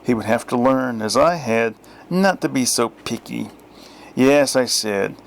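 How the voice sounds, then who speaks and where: A middle-aged man reads his own story aloud in a dry, deadpan way. His voice sits at an ordinary medium pitch. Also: unhurried, creaky. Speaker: author reading his story. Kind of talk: first-person story reading.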